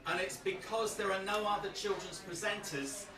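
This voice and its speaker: A man's voice: high-pitched, moderate pace, a crowd in the background. A man in his fifties doing a rambling, self-mocking stand-up routine on a comedy club stage. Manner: rambling, self-mocking, frequent 'so' restarts. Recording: echoey venue, distant mic, loud audience.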